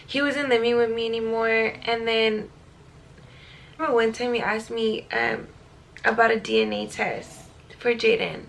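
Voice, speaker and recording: A young woman chats straight to her viewers in a loose storytime vlog, peppering her talk with likes, ums and casual swearing. Her voice sits a little high and carries a gravelly fry, and she comes across as relaxed and informal. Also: moderate pace, slight background noise. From California. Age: young adult. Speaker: vlogger telling her life story.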